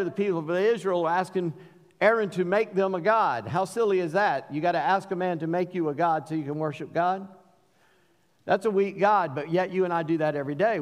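Man, pastor preaching a sermon, earnest, slightly high voice, long church reverb. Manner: earnest preaching, drops to a hush on key lines, rises when pleading.

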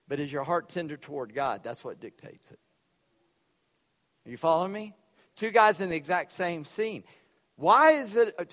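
A man preaching a sermon, loud and emphatic, dropping suddenly to quiet for effect. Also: high voice, big-room sound. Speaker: pastor.

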